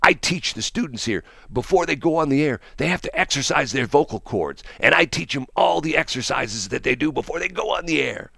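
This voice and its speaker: A man imitating a slick, smooth-talking male radio DJ with an oily, overdone announcer charm. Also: a little high, expressive, a little fast, hardly any pauses, sharp tone, dry recording, pitched above the performer's own voice, full character voice. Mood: self-important.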